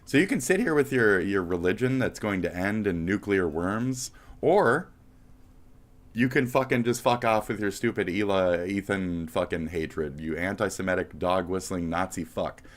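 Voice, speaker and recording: A man's voice: low-pitched, lively intonation, moderate pace. A man streaming live commentary as a heated, profane, mocking rant. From United States.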